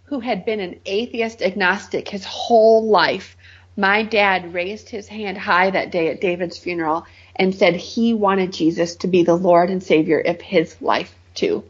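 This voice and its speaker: Interview guest: middle-aged woman, husky, earnest testimony, muffled recording. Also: medium pitch, fairly even intonation, a little slow. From Michigan. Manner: earnest, heartfelt storytelling.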